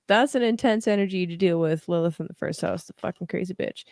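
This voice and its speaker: A woman's voice: lowish voice, fast, hardly any pauses, darkish tone, dry recording, studio quality. A young woman hosting a live tarot reading, chatting casually with viewers in a slangy, laughing manner. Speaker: tarot reader livestream host.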